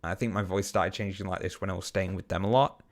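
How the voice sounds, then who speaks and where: A man's voice: low-pitched, fairly even intonation. Rambling English man chatting on stream. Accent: general English, slightly posh. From Bolton, England. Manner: rambling, quick bursts, swears casually, many ums. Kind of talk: casual live-stream chat reading viewer comments.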